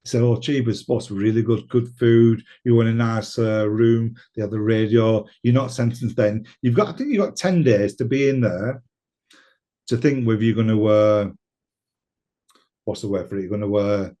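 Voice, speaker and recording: Mellow-voiced British man telling a story. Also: fairly low pitch, moderate pace. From United Kingdom. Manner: swearing, animated storytelling with laughs. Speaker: interview guest. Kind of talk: storytelling in a casual interview.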